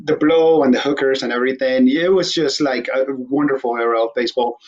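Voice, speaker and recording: A man's voice: medium pitch, fairly even intonation, fairly quick, highs cut off. A man hosting a casual interview show, joking irreverently and swearing offhandedly. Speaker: host.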